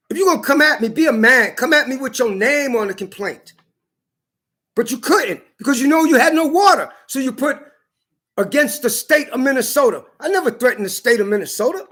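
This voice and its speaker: A man's voice: very high voice, lively intonation, moderate pace, sharp tone. Man, vlogger, angry defiant rant; emphatic and repetitive delivery.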